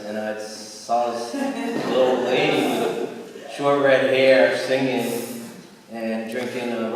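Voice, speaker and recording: A man recalls a late friend in an easy, unhurried storytelling way, filling pauses with "uh". He is heard from far off in a large opera house, so his voice rings with long reverb and a faint room hiss. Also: mid-range voice. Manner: reminiscing, relaxed, with fillers. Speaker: eulogy speaker. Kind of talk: memorial tribute storytelling. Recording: echoey hall from far off.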